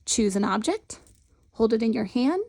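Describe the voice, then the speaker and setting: A woman's voice: on the high side, very animated, normal speed, a little mellow. A woman demonstrating a classroom syllable game in a patient, instructional way, modeling the chant in a sing-song voice. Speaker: Montessori teacher trainer.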